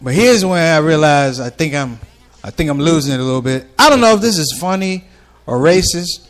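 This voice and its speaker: Performing stand-up before a live ballroom audience, a man narrates stories animatedly and mimics the voices of their characters. His voice is on the high side, lively, and a little quick.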